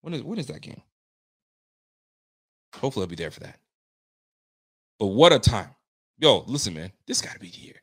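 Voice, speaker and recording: A man hosting a live stream and reading viewer comments in casual, slangy fan chat, swearing freely and getting himself worked up with excitement. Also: mid-range voice, normal speed, pauses often, breathy edge.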